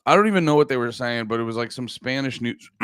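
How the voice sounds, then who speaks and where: A man's voice: medium pitch, animated, brisk, gravelly, fairly bright tone, no echo, clean studio sound. A man in his thirties from the United States, hosting a casual livestream chat in a rambling, profane way with lots of fillers. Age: 30s. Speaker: livestream host.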